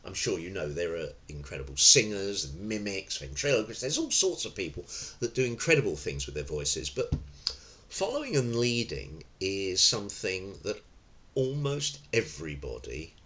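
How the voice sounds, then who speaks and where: A man's voice: low voice, a bit bright. An older man from London, teaching a self-defence lesson in a chatty, digressive way with frequent fillers and self-corrections. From London, England. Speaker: tai chi and self-defence instructor. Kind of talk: informal spoken lesson.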